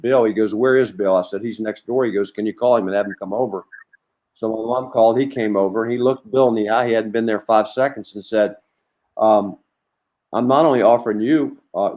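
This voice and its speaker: A middle-aged man, a former college basketball coach, telling long anecdotes as a podcast guest with lots of restarts. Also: on the low side. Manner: rambling, animated anecdotes with many restarts. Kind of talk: storytelling in a conversation.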